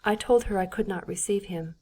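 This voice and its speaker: A woman voicing an agitated young aristocratic wife who speaks in an excited, hurried, insistent way, in an audiobook. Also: mid-range voice, natural voice.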